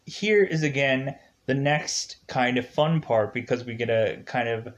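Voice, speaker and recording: A man reviews a film in a loose, casual way, retelling the story scene by scene. He speaks slowly at an ordinary pitch, and he keeps trailing into filler words before he picks the thread back up. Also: highs cut off. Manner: rambling, leans on filler words and restarts. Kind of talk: casual spoken movie review, retelling the plot.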